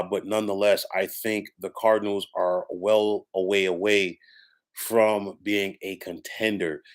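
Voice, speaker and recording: A man with a somewhat low voice talks through a sports opinion monologue on his own. He is emphatic and leans on repeated stock phrases to push his points. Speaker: sports commentator.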